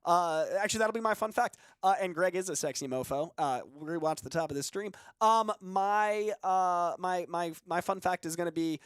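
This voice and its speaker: A chatty man co-hosting a livestream, telling stories at length with a self-deprecating edge. His voice sits fairly high for a man and the sound is close and dry, with no room around it. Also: moderate pace, few pauses, smooth, no room sound. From Boston. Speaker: co-host. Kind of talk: casual livestream chat.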